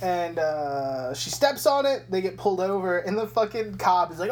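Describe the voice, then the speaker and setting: A woman's voice: lowish voice, lively intonation, normal speed, a crowd in the background. A young woman co-hosting a podcast, casually recapping a movie scene by scene, swearing freely and acting out characters' lines. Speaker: podcast co-host. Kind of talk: casual film recap chat.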